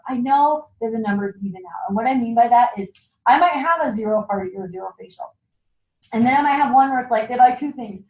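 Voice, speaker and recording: A woman giving a chatty sales training talk at a meeting, acting out what customers say. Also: on the high side. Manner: chatty, acts out customer lines in quick voices. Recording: echoey room, dull lo-fi sound.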